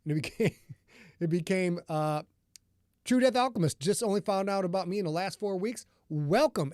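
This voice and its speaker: A man's voice: high-pitched, brisk, a little mellow, no echo, studio quality. A man from northern Michigan, an author hosting a live stream, talking in a rambling, chatty way and greeting viewers in the chat.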